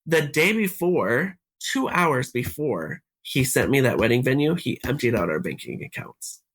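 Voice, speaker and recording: Husky-voiced man telling his story. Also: mid-range voice, sing-song, a little slow, a bit bright. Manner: retells events by acting out quoted dialogue. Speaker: podcast guest. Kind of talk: recounting a personal story in conversation.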